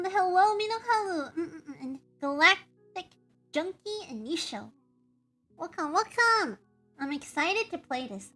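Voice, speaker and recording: Woman streamer, high and bouncy, chatty and self-mocking, greets chat, playful noises. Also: pushed and bright. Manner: playful, hums and makes silly noises. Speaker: VTuber game streamer. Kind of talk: casual live-stream chat.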